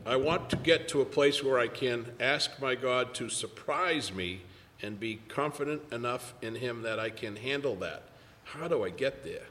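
A man's voice: medium pitch, animated, normal speed, fairly bright tone, slight background noise. A man in his fifties chatting casually, telling a personal story and acting out the voices he quotes. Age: 50s. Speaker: recovery speaker. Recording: echoey hall.

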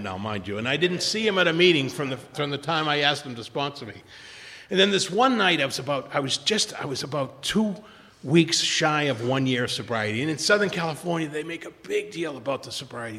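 An older man telling his own story at a recovery meeting, emotional and animated, acting out what people said. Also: on the high side, long reverb tail. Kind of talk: personal storytelling talk.

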